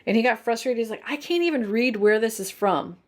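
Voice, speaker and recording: A woman's voice: on the high side, lively intonation, brisk. Chatty woman reviewing candles. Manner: chatty, detailed, thinks aloud. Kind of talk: casual review vlog.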